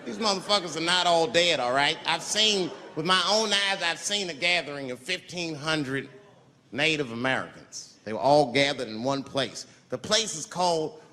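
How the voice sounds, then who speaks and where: A man performs stand-up comedy in a live hall, his lively voice swooping up into shouted punchlines. His pitch sits a touch high for a man. Long reverb trails off his words over a faint hiss. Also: normal speed.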